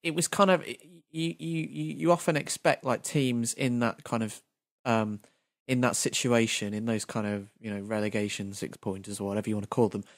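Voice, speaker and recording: A man's voice: medium pitch, fairly even intonation, normal speed, no room sound. Guy on a football podcast, mid voice, thoughtful, breaks down the games, dry sound. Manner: thoughtful, analytical, laughs along. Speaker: podcast co-host. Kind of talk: casual football chat.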